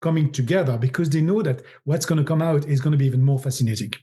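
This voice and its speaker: A podcast guest who founded an agency, this middle-aged man talks animatedly in a French accent, often repeating words while reaching for phrasing. His voice runs on the high side, quick and warm.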